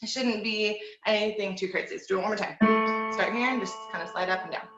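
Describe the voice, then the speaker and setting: A young woman teaching an online group voice class, speaking in a relaxed, encouraging way and demonstrating with hums and slides. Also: mid-range voice, fast, loud music behind the voice. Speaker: vocal teacher. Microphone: video call. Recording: dull, echoey room sound.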